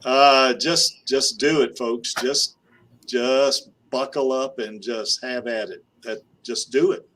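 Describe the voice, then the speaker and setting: A man's voice: mid-range voice, steady tone, takes it slowly, fairly bright tone, slight background noise. A man co-hosting a casual live stream chat, laughing often and filling with "you know". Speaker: podcast co-host.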